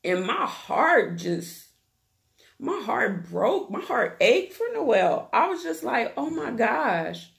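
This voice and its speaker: Woman vlogger for a TV recap, gossipy and slangy, unhurried delivery with a gravelly fry. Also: a little high, sing-song. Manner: chatty, gossipy, slangy storytelling. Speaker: YouTube TV recap host. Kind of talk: casual reality-TV recap chat.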